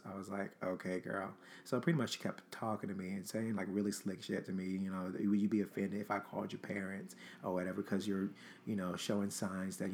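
A man casually recounting a personal story as a podcast host, chatty and animated, full of filler words and swearing. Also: fairly low pitch, slight background noise.

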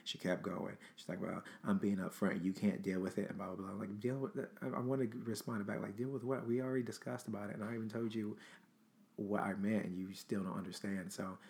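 A man casually recounting a personal story as a podcast host, chatty and animated, full of filler words and swearing. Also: lowish voice, a little fast, gravelly.

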